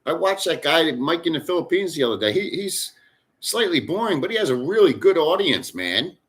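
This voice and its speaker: A man's voice: on the high side, very animated, brisk, fairly bright tone. Blunt, cursing middle-aged man livestreaming. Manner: profane, rambling, blunt. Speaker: livestream host. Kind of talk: casual live chat with viewers. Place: in the Philippines.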